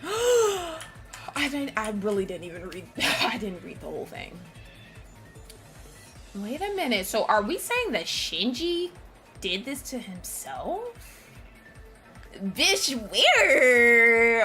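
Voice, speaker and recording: Excitable high-voiced woman streaming a game. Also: slow, over music. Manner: loud, excitable, laughs and screams often. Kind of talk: casual live-stream commentary.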